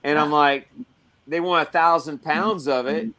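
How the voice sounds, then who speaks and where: A man talking with a slightly raised pitch, loose and rambling. He tells long stories in a casual podcast chat, trips over his words and voices the people in them. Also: measured pace, sharp tone. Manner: rambling, full of "you know" and restarts; acts out other people's lines in stories. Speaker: pepper breeder, guest.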